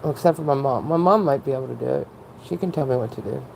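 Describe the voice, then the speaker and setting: Low gravelly woman, rambling candidly. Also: fast talker, darkish tone, a little hiss or hum, low-quality recording. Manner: rambling, candid, frequent laughs. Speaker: vlogger. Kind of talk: casual personal monologue.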